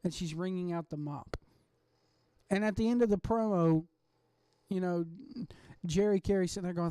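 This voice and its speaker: A podcast host giving a casual, rambling rant at home late at night, excitable and swearing freely. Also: mid-range voice, unhurried, clear, resonant tone, no room sound. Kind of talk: casual ranting monologue.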